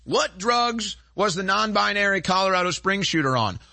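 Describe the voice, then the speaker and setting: A man's voice: high voice, lively intonation, moderate pace, vocal fry, pushed and bright, dry recording. A man hosting a show, delivering a heated political commentary monologue in an indignant, emphatic way, piling up rhetorical questions. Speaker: show host.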